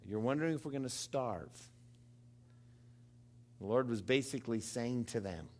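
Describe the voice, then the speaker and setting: A man in his fifties preaching a sermon, calling on the congregation to respond, dropping to low murmurs and rising to loud, high exclamations. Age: 50s. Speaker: pastor.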